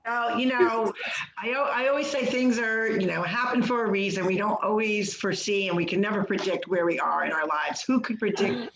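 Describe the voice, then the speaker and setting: Woman cohost rambling earnestly, gravelly voice, echoey dull call audio. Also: medium pitch, normal speed, a loud crowd. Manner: earnest, many fillers and restarts. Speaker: podcast co-host. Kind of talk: reflective monologue.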